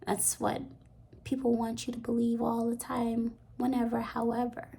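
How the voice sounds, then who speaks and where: A woman with a slightly high, breathy voice and a gravelly fry gives an intuitive card reading. She talks in a soft, meandering way, often sinking into a half-whisper. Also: completely flat delivery, moderate pace. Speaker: tarot card reader.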